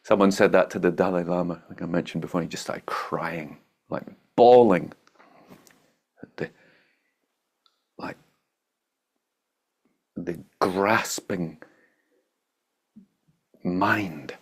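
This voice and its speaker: A man's voice: low voice, takes it slowly, pauses often, husky. A man giving an informal spiritual talk as a meditation teacher, blunt and joking, laughing at his own points.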